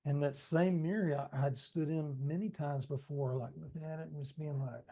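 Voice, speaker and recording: He has a fairly high, warm voice with a steady tone and normal speed. Reading his own book as an audiobook, he keeps it conversational, improvising asides and addressing listeners directly.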